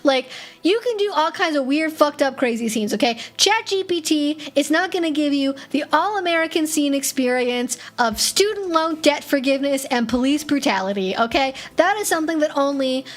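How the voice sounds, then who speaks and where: A woman hosting a casual livestream Q&A, blunt and profane, telling animated stories. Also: high-pitched, moderate pace. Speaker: streamer hosting a Q&A.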